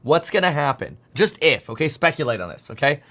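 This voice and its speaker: With a slightly high, very animated, sharp-toned voice, a thirtysomething man runs a casual market livestream. He speaks fast, rambling and cracking jokes as he flips through charts and talks to himself.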